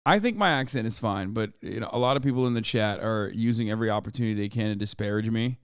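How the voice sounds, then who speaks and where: A man's voice: on the low side, quick pace, clear, resonant tone, dry recording, clean studio sound. A man hosting a livestream, reacting with sarcastic, rambling commentary full of "like" fillers. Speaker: streamer host.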